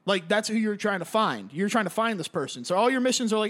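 A man's voice: high-pitched, big pitch swings, fast talker, hardly any pauses, a bit bright. A young man chatting casually and rambling, with lots of filler words and swearing. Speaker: gamer describing a game. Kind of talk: casual chat.

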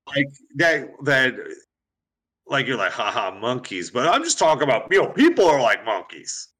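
A man's voice: medium pitch, wildly swooping pitch, moderate pace, fairly bright tone. A man, a stand-up comedian guest on a podcast, rambling in casual chat, swearing and laughing.

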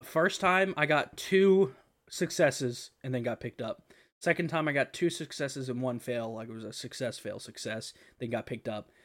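A young man hosts a laid-back podcast chat in a medium-pitched voice. He rambles, swears freely and leans on fillers as he talks. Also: normal speed, fairly bright tone. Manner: rambling and profane, with frequent fillers and laughter. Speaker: podcast host.

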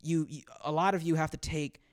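A man's voice: fairly high pitch, steady tone, a little fast, no room sound. Man, comedian on a podcast, heated profane rant with stammered repeats, dry close sound. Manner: heated, profane, repeats words when worked up. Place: Los Angeles.

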